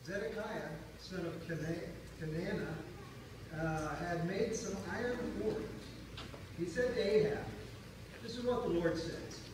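A man in the audience reading Bible verses aloud in a careful, steady way, picked up from the back of a church hall. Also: fairly high pitch. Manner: steady, careful reading, stumbling once on a name. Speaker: audience member reading scripture. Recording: distant voice in an echoey room with noise.

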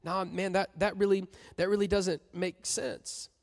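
A man voicing a stubborn man who flatly refuses, in a slangy, dismissive way, during a sermon. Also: sits high, a little slow, creaky. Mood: refusing. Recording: long reverb in a church hall.

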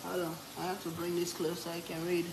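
A woman's voice: on the low side, monotone, fast, echoey room, background noise. A woman hosting a cooking livestream, chatting playfully with viewers and laughing often. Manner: playful, laughs a lot, reads comments aloud. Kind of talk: casual live-stream chat.

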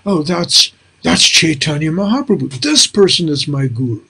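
A man's voice: on the high side, lively intonation, moderate pace, hardly any pauses, bright, forceful tone, slightly rough. An older man hosting a casual interview, talking in a reflective, rambling way with many fillers. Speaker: host.

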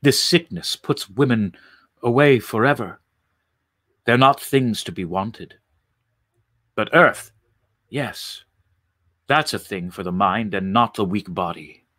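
A man's voice: lowish voice, expressive, slow, long pauses, fairly bright tone, full character voice. A man voicing a lonely, desperate exiled man stranded on Mars, pleading and crying out. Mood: wistful.

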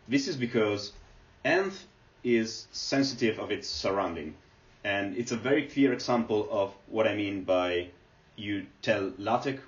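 A man giving a screen-recorded lecture, explaining step by step with many fillers as he types. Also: on the low side. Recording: echoey, distant, dull lo-fi.

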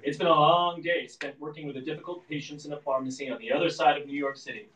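A man reading the stage directions of a screenplay aloud at a live reading, in a steady, descriptive manner. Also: fairly high pitch, fast talker, slight background noise. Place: event room at a live reading. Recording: echoey room, distant mic.

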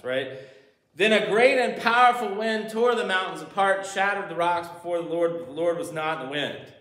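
A man preaching a sermon, animated, shifting between loud emphasis and quiet asides. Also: a little high, echoey room. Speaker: pastor.

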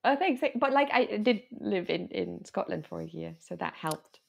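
A woman's voice: on the low side, expressive, moderate pace, creaky, slightly rough. A woman from Germany, a podcast guest chatting casually in English with many fillers and restarts. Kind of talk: casual conversation.

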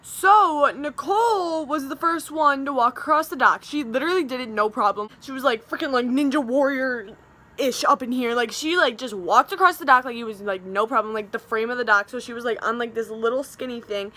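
A woman's voice: sits high, a little fast, sharp tone. A young woman vlogger telling a story to the camera in a chatty, dramatic way, filling her talk with "like". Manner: dramatic, chatty, heavy use of "like".

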